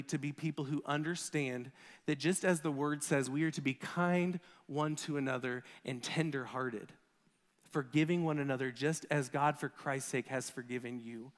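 A man in his thirties, a pastor giving a conversational sermon, animated as he tells stories about his kids. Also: a little high, long reverb tail. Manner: conversational, animated storytelling with acted quotes.

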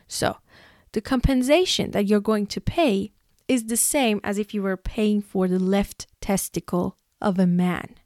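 A woman's voice: mid-range voice, unhurried, darkish tone, no room sound, clean studio sound. A young woman from Iran giving an emotional, exasperated opinion monologue as a vlogger, sighing and laughing between points.

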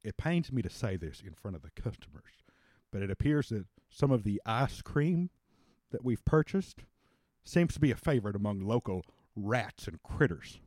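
A man voicing a fussy, chinless male soda clerk behind a counter, speaking with slow, prim shopkeeper politeness, recorded dry and close. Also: lowish voice, big pitch swings, a little mellow, no room sound, voice pushed down.

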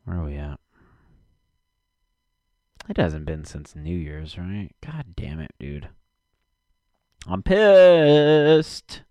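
A man's voice: very deep voice, lively intonation, takes it slowly, pauses often, mellow, dry recording. A man rambling casually to himself and his audience from his basement, cursing often and muttering while he searches for something.

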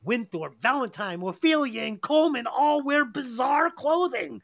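A man's voice: extremely high pitch, lively intonation, moderate pace, fairly bright tone, dry recording. A middle-aged man hosts a casual movie review chat, reading plot summaries in a voice that swings widely up and down. He swears freely and laughs often, gushing about the scenes he likes. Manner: profane, enthusiastic, laughs often. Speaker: podcast host.

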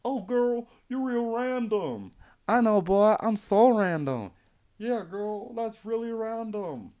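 A man putting on high singsong falsetto voices to mock teenage gossipers sarcastically. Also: expressive, slow, mellow.

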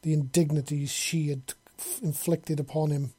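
In a close, dry recording at normal speed, a husky, dark-voiced narrator reads a storybook. The delivery is level and flat with little pitch variation, staying steady and blunt and not softening the coarse words.

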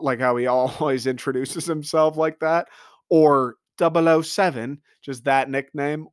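A man delivering an excitable, profane comedic rant monologue, riffing with mock quotes. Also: mid-range voice, a little slow, clear, resonant tone, dry recording, clean studio sound. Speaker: comedic commentator.

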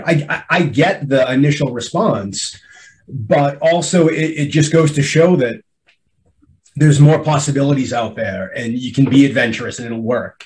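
A man's voice: fairly high pitch, brisk, low-quality recording. Chatty sommelier man telling a story. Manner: animated, many restarts, acts out dialogue. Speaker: sommelier at wine dinners. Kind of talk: casual storytelling chat.

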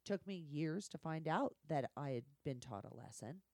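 Low, mellow-voiced woman telling blunt stories. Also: normal speed, no room sound, studio quality. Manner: blunt, profane, animated storytelling. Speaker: guest. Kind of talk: candid podcast storytelling.

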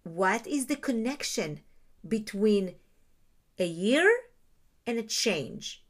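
A woman's voice: medium pitch, expressive, slow. A woman giving a reflective teaching talk on Jewish ideas, explaining terms and asking her listeners rhetorical questions.

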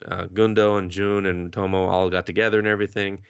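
A man's voice: low-pitched, flat delivery, a little fast, clear, resonant tone, dry recording, highs cut off. A man hosting a podcast, casually recapping an anime, swearing freely and laughing as he retells scenes. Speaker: podcast host.

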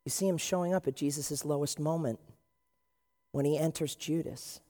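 A man preaching a sermon in an animated way, acting out the voices of the people he quotes. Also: a little high, moderate pace, big-room sound. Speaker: pastor.

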